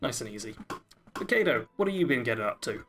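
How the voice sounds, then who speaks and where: A man's voice: mid-range voice, big pitch swings, fast, a bit bright, faint music behind. A man co-hosting a gaming podcast, chatty and upbeat, explaining his plans at length. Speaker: podcast co-host. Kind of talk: casual podcast chat.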